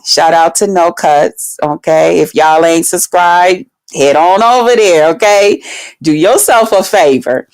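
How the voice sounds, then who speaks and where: A woman, telling a story in a casual vlog, animated and swearing, acting out quotes with big swings in her voice. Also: a little high. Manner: swears freely, talks straight to her viewers.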